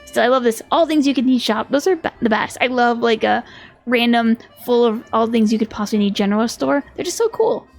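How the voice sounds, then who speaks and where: A woman's voice: on the high side, fairly even intonation, a little fast, vocal fry, soft background music. A woman streaming a video game live, chatting casually with a giggly, playful manner.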